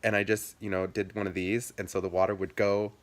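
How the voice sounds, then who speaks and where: A young man vlogging a childhood story in casual chat, animated, jumping into squeaky high voices for quotes and dropping low for asides. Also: fairly quick.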